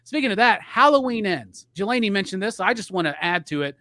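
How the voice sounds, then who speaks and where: A middle-aged man on a live podcast, ranting with a profane, rambling heat. His pitch swings widely as he gets worked up. The recording is dry and close. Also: expressive, a little fast, pushed and bright, no room sound. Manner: profane, heated, rambling rant. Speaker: podcast co-host.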